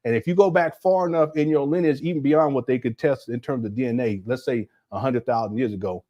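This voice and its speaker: A man's voice: mid-range voice, brisk, dark tone, muffled recording. A man, giving a loose, conversational monologue full of laughs and restarts. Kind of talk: casual monologue.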